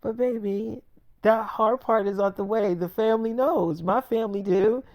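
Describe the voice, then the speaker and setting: A woman's voice: mid-range voice, normal speed, a little mellow, no echo, voice pushed up, natural voice. A storyteller voicing a blunt young pregnant girlfriend. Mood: insistent.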